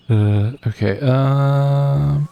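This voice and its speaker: A man's voice: medium pitch, gravelly, warm tone. A man live-streaming a game, chatting casually in a rambling, self-deprecating way and chuckling often. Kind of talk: casual live-stream chat while playing.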